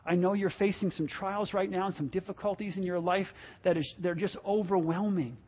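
A man's voice: high-pitched, steady tone, a little fast. A pastor delivering an impassioned sermon, repeating words and acting out the complaints he quotes, heard on a dull lo-fi recording.

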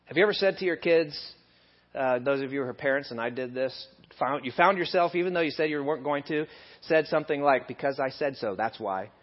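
A man giving a conversational sermon in a church, building to animated emphasis at times. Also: on the high side, quick pace. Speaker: lay preacher. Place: church hall. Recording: dull lo-fi sermon recording.

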